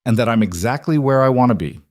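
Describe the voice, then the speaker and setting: A man's voice: mid-range voice, expressive, fast, a little mellow, no echo, pitched above the performer's own voice, lightly acted. Brief: man doing nervous young woman doctor, guarded, dry close audio. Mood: firm.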